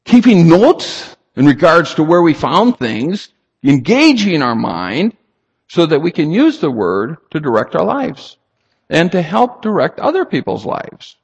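A man's voice: fairly high pitch, slightly rough. A man preaching a sermon, emphatic and rhetorical, reading scripture aloud and asking the congregation questions. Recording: long hall reverb.

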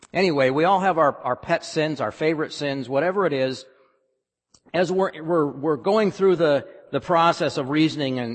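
A man preaching a sermon, emphatic and often questioning the congregation. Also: medium pitch. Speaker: pastor. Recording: long hall reverb.

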